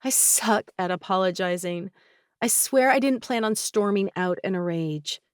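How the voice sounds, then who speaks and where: A woman's voice: measured pace, clear, resonant tone, no room sound, studio quality, natural voice. A woman narrator voicing a younger sister, a prickly but remorseful young woman, in a raised, emotional voice. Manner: higher, emotional, shifting from guarded to teary.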